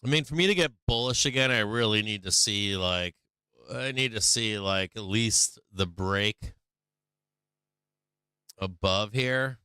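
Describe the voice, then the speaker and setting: A man's voice: fairly low pitch, unhurried, pauses often, pushed and bright, smooth, dry recording. A middle-aged man hosting a stock market livestream, rambling casually with lots of swearing and "like" fillers. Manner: rambling and profane, heavy on "like" fillers.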